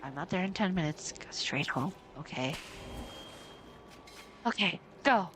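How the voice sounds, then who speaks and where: A woman voicing a calm, brave teenage schoolgirl who speaks quietly and firmly. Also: on the low side, measured pace, background noise. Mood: calm resolve.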